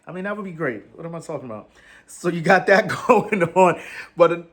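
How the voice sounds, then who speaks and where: A man hosting a fan commentary show, rambling in animated slang and laughing often. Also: on the high side, brisk. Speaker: sports fan show host. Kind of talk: casual fan commentary vlog.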